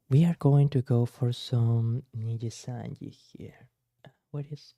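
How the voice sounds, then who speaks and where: A man streaming as a VTuber, reacting to clips in a soft-spoken, somewhat formal way. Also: medium pitch, fairly even intonation, unhurried, vocal fry, no echo, studio quality.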